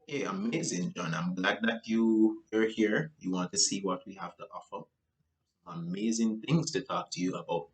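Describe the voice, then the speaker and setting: A man's voice: mid-range voice, lively intonation, normal speed, lightly acted. An eager male financial advisor greeting a client in friendly sales talk, played by a man. He sounds keen to please. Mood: upbeat.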